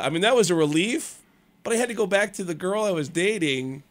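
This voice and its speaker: A man in his thirties telling a comic story as a radio guest, animated and stammering, acting out the other voices. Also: on the high side, fast, slight background noise. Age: 30s. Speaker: comedian guest.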